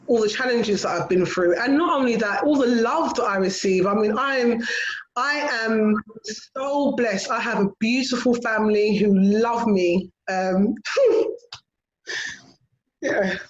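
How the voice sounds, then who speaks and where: A woman's voice: a little high, lo-fi sound. Brief: woman author, reflective and searching, over a video call with a roomy sound. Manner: reflective, warm, many fillers. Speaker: author and guest. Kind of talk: casual interview chat.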